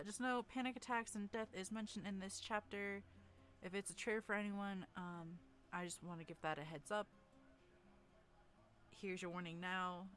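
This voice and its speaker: A woman's voice: medium pitch, a bit bright. A woman hosting a livestream where friends read fanfic together. She giggles often, puts herself down, and stumbles and restarts her words. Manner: giggly and self-deprecating, laughs often between lines. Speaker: streamer hosting a group fanfic reading. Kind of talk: casual livestream chat.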